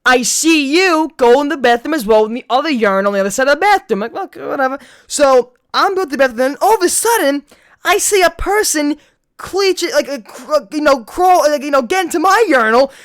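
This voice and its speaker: A man hosting a podcast in casual chat, telling a story in an animated, profane way. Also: very high voice, a little fast. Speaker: podcast host.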